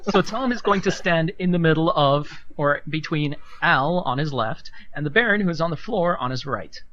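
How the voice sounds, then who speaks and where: A man describes his character's moves in a tabletop game, pausing often on ums. His voice is bright and edged and sits a bit high. The sound is dull, like lo-fi call audio. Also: lively intonation, a little hiss or hum. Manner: hesitant, with many ums. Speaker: player.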